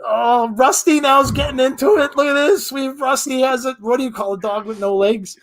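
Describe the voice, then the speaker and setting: A man's voice: very high voice, moderate pace, fairly bright tone. A man hosting a live wrestling podcast stream, reading chat jokes aloud and laughing through them until he is teary. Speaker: podcast host.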